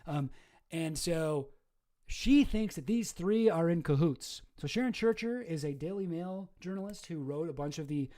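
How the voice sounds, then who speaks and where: Male streamer, casual commentary, sarcastic, rambling, fairly high voice, mellow tone. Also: animated, moderate pace. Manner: rambling, sarcastic, self-correcting. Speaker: streamer, host.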